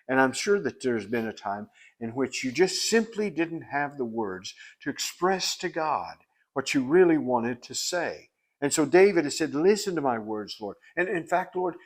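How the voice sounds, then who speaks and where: A man teaching a Bible lesson in an earnest, explanatory way. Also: medium pitch. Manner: earnest and explanatory, with frequent restarts and fillers.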